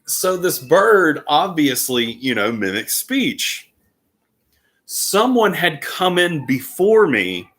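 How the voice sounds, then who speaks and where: Man, casual storytelling, bright, expressive pitch, filler words. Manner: animated, with frequent fillers. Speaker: vlogger.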